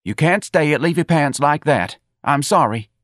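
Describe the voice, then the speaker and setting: A man reading an audiobook, voicing a fussy, timid male office manager who speaks in a strained, squeaky, high voice. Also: animated, drawn-out words, dry recording, studio quality, full character voice. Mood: sharp scolding. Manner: sharp, strained and high-pitched.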